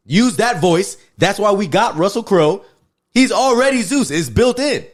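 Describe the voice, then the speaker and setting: A man's voice: sits high, normal speed. Man, podcast co-host, casual movie talk, profane, emphatic rants. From Pacific Islands. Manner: animated, profane, emphatic love-hate rants. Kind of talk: casual movie review chat.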